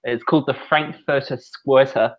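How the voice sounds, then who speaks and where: Aussie bloke on a stream, blunt opinions, kinda muffled sound. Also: male voice, medium pitch, steady tone. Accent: Australian. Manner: halting, restarts, blunt opinions. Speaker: co-host. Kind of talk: casual livestream podcast chat. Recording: dull lo-fi audio.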